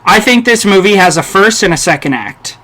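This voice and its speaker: A man co-hosting a casual podcast about films, animated as he retells scenes. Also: sits high, brisk. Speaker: podcast co-host. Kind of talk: casual film discussion.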